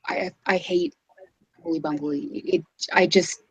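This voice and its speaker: A woman in casual conversation on a stream, animated and full of "like" fillers, laughing easily. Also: on the low side, moderate pace, husky, dull audio. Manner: animated, says "like" a lot, laughs readily. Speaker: stream guest. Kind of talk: casual chat.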